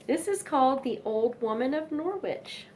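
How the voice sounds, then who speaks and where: A woman's voice: high voice, animated, moderate pace, a little hiss or hum. A young woman reading nursery rhymes aloud in a sing-song manner, with chatty asides between poems.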